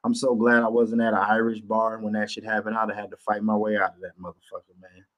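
A man's voice: lowish voice, level tone, fast. A man hosting a podcast, ranting casually with lots of profanity and emphatic repetition. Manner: profane, emphatic, repeats himself. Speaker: podcast host.

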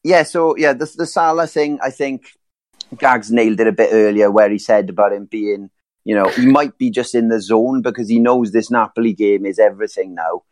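A man's voice: fairly low pitch, normal speed, a little mellow, no echo. A man co-hosting a football podcast, talking casually in rambling turns full of fillers and restarts. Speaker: podcast co-host.

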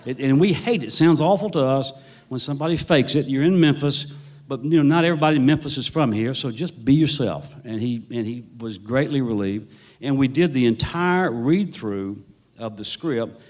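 At a moderate pace and with a slightly mellow, medium-pitched voice, a novelist guest tells a story. He rambles wryly, backtracking and correcting himself often.

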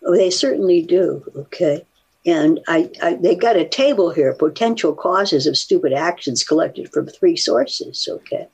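An older woman, a psychologist, chatting casually and reading a study aloud with animated asides. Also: on the low side, unhurried, breathy edge. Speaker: psychologist guest.

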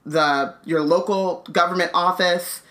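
A woman's voice: lowish voice, fairly even intonation, a little slow, fairly bright tone. A woman co-hosting a podcast, reading a book aloud and breaking off to chat casually. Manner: chatty, many "like" fillers, laughs often.

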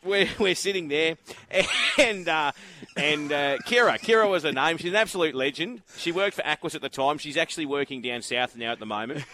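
A man's voice: on the high side, brisk, few pauses, bright, forceful tone, slight background noise. An Australian man presenting horse racing from the road, telling rambling anecdotes in casual radio chat and laughing often.

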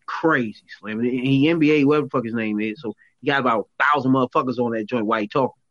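A man's voice: mid-range voice, fast talker, no room sound, muffled recording. A man co-hosting a casual chat, riffing in street slang and laughing in disbelief. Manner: animated, laughing, incredulous outbursts in slang.

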